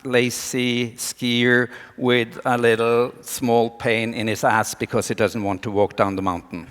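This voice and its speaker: Middle-aged Norwegian-accented man, mid-pitched, earnest speaker with wry humor, recorded in a big echoing hall. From Norway. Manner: earnest, rousing, with wry jokes. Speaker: speaker giving a talk to students. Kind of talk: presented talk with slides.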